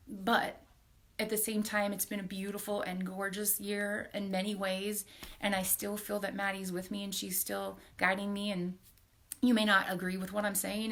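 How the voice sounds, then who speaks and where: A woman in her forties hosts a live stream and shares a personal story, heartfelt and halting, broken by soft laughs. Her voice is medium in pitch with a creaky quality.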